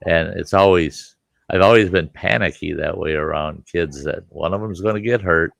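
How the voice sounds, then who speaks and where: A man with a very deep, low voice speaks in a casual group conversation, recorded dry and close with no room echo. He talks earnestly, stumbles over his starts and repeats words as he gets going. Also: normal speed, gravelly, a bit bright. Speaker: host. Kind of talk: casual chat.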